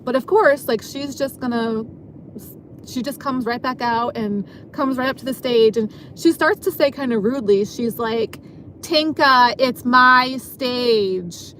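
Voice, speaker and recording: A woman with a slightly high voice tells a long, rambling story about her work as a dancer at a moderate pace. She's casual and stuffs her sentences with fillers, especially "like," over slight background noise.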